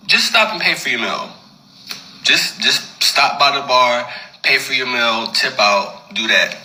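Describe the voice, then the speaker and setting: A man tells a personal story in a loose, animated, conversational way. His voice is very bright and forward. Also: mid-range voice, poor audio. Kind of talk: casual storytelling.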